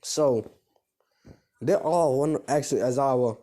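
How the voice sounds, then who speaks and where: A man improvising a fan-fiction story out loud, rambling and correcting himself, in slangy casual speech. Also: medium pitch, measured pace.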